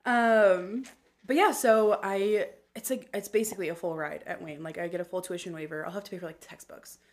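A woman's voice: mid-range voice, steady tone, fairly quick. Chatty young woman telling a story. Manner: chatty storyteller, fills speech with "like". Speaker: podcast guest. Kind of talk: casual chat. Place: podcast recording.

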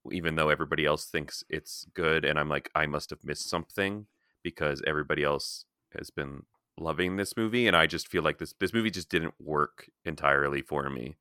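A man's voice: rumbling low, steady tone, fairly quick, pushed and bright, clean tone, dry recording, clean studio sound. A man hosting a film podcast, chatting casually and giving his opinions with lots of "like" fillers. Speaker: podcast host. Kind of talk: casual film-review chat.

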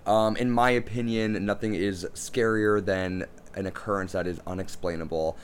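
A man's voice: lowish voice, fairly even intonation, moderate pace, clear, resonant tone. A man hosting a podcast, gracious and a little hesitant with "um" fillers. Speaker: podcast host. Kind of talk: casual podcast talk.

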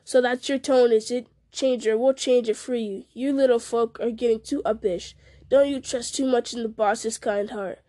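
A bullying male ruffian threatens and sneers in a read-aloud story, voiced by a woman narrator. The voice sits a little high and mellow, recorded close and dry. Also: fairly even intonation, normal speed, dry recording, natural voice. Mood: menacing.

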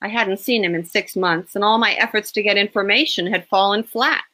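Bright-voiced woman reading her story. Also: mid-range voice, fairly quick. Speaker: author. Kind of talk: reading her own fiction aloud.

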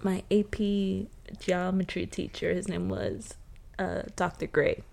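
A young woman co-hosting a podcast, telling stories in an animated, laughing, casual way with plenty of swearing. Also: mid-range voice, unhurried, vocal fry. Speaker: podcast co-host. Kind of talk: casual chat. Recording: faint background noise.

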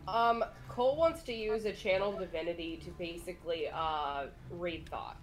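A woman's voice: on the low side, moderate pace, faint music behind, rough recording. A woman playing a tabletop game, talking casually and thinking aloud with fillers. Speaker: player.

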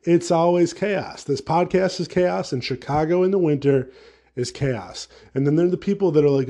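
A man's voice: fairly high pitch, moderate pace, warm tone. A man hosting his own podcast alone, talking casually in a rambling, profane and sarcastic way. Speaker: podcast host. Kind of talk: casual solo podcast rant.

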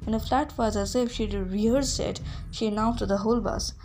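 A woman reading a story aloud in a steady storytelling voice, giving the characters their own voices. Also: fairly high pitch, fairly quick, a little hiss or hum. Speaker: reader. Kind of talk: audiobook reading.

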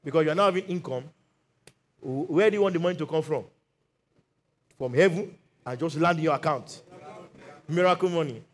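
A man's voice: a little high, a little fast, pauses often. A middle-aged Nigerian man preaching a sermon as lead pastor, leading the congregation in call-and-response declarations.

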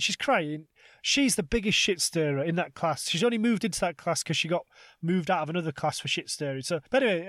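Guy in his 30s ranting about his day, high voice, dead dry sound. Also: no echo. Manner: animated storyteller, swears freely. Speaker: podcast co-host. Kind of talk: casual comedic chat.

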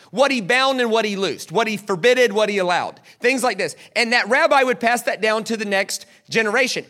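Bright, high-voiced man preaching. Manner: animated, coaxes the crowd to repeat words. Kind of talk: sermon teaching with audience participation.

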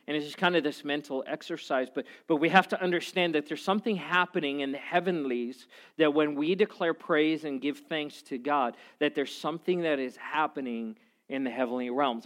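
A man preaching a sermon as a pastor, telling stories in an animated, conversational way. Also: a little high, normal speed.

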